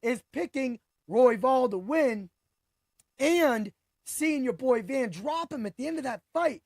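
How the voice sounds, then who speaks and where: A man in his forties hosting a sports podcast, talking through fight picks in a hyped, boastful way with quick bursts of emphasis. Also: very high voice, lively intonation, vocal fry, no echo, clean studio sound. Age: 40s. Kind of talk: casual sports commentary.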